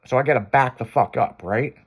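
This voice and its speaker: A man's voice: mid-range voice, fairly quick, slightly rough. A man hosting a radio show, telling a long crude story in loose casual talk.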